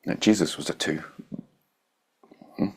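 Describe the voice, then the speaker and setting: A man teaching an informal dharma talk, blunt and irreverent, swearing, laughing and slowing down to stress his words. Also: a little mellow. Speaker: meditation teacher.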